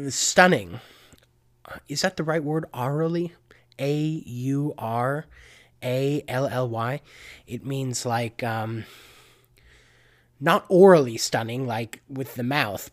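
A young man hosting a solo podcast, talking in a rambling, chatty way and often correcting himself. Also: fairly high pitch. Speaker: podcast host. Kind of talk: casual solo monologue.

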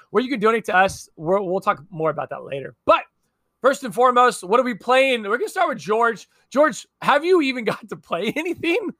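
A man hosting a casual gaming podcast, joking around with his co-hosts and breaking into mock yelling. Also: high-pitched, dry recording, studio quality. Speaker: podcast host.

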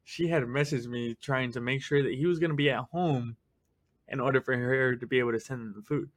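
A man joining his friend's podcast as a guest, recounting a story in relaxed chat. He laughs often and acts out what people said. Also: mid-range voice, fairly quick. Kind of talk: casual chat.

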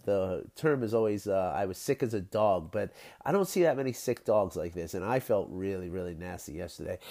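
Casual male podcast host, low mellow voice, nasal and scratchy from a cold, rambling delivery full of fillers. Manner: rambling, many fillers and repeated words, frequent light laughs. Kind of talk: casual solo podcast talk.

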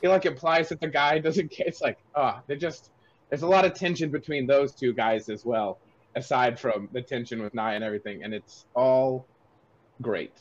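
A man's voice: mid-range voice, moderate pace, highs cut off, a little hiss or hum. A man hosting a podcast, retelling movie scenes in a rambling, filler-heavy way. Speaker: podcast host. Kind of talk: casual movie review chat.

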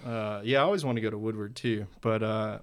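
Guy from guesting on a podcast, smooth clear voice, laid-back storytelling, acts out what people said. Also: on the low side, steady tone, quick pace. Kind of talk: casual chat.

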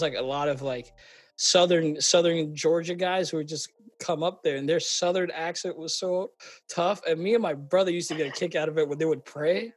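A young man born in Kenya hosting a podcast, telling animated stories in a casual chat with lots of fillers. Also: on the high side. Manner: animated storyteller, acts out quoted voices, frequent fillers. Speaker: podcast host.

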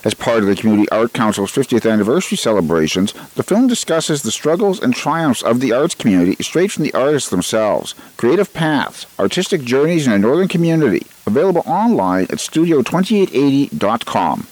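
A man's voice: mid-range voice, very animated, brisk, few pauses, darkish tone, poor audio. A man hosting a community radio show, reading announcements and chatting in a rambling way with fillers and restarts in a studio. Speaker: radio host.

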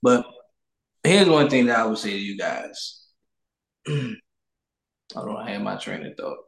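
A man's voice: lowish voice, very animated, slow pace, creaky, echoey room. A man hosting a casual talk show, speaking loosely and preachily and repeating his catchphrases. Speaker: podcast host. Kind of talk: casual chat.

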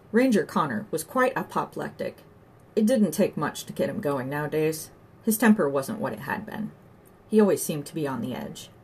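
A woman reads an audiobook aloud in scripted narration, telling the story in a measured, wry way. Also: sits low, slightly rough.

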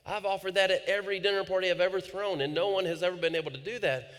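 A man voicing a wealthy, boastful Texan party host in a sermon story, speaking in a showy, excited way. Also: high voice, fast, pitched above the performer's own voice. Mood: amazed. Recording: long reverb in a large hall.

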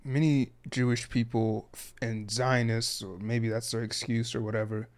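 A man's voice: medium pitch, flat delivery, normal speed, darkish tone. A man hosting an interview podcast, asking long, hesitant questions that build in several parts. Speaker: podcast host.

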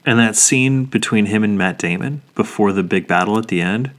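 A man in his thirties with a low voice talks casually as a podcast co-host. He drops swear words all the time and gets openly emotional over favorite movies. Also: normal speed. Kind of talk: casual chat.

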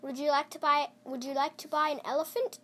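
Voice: sits high, little pitch movement, brisk, noisy background. A child reading a storybook aloud and voicing a pushy travelling pet seller in a near-plain voice.

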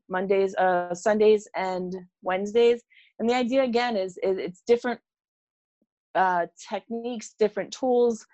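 A woman's voice: medium pitch, a little mellow, dull audio. A middle-aged woman, a former teacher, chatting as a podcast guest. She brings her stories to life, putting on the voices of the people in them. Her voice sounds dry and close, with no room echo. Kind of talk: conversational storytelling.

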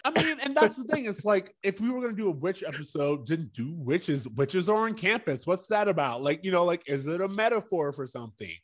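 A man's voice: high-pitched, lively intonation, brisk, few pauses. A young adult man co-hosting a podcast, casual and wry, laughing often. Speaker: podcast co-host. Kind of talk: casual rewatch podcast chat.

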